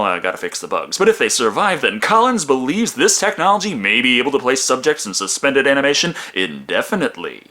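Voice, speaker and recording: A male film reviewer narrates with sarcastic, wisecracking humor. His pitch leaps around in a highly animated way, and his tone is bright and forceful.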